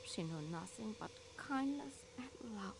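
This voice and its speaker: A woman voicing a pious older female nurse in a game, earnest, halting and emotional. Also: medium pitch, expressive, gravelly, noisy background. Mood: devout.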